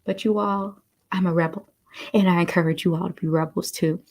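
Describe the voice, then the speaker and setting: Chatty woman giving a pep talk, lots of "you all", a bit of vocal fry. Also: fairly low pitch, a little fast. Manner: animated, chatty, addresses listeners as "you all". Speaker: motivational speaker. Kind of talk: casual motivational storytelling.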